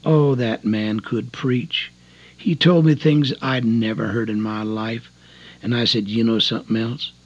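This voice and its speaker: Older male evangelist, husky and folksy, earnest testimony sermon, dull old tape quality. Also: mid-range voice, fairly even intonation, a little slow. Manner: folksy, earnest storytelling with rising emotional emphasis. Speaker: prison evangelist.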